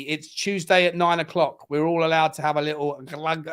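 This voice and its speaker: A man hosts a fan show and calls the match live as it unfolds. He is excitable and often yells encouragement or scolding at the players. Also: on the high side, normal speed, smooth. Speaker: host of a football fan show. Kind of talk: live match watch-along commentary.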